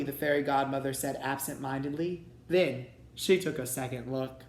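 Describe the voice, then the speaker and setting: Guy reading a kids story out loud, echoey room. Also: mid-range voice, fairly even intonation, normal speed, few pauses. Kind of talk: read-aloud storybook narration. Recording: roomy echo.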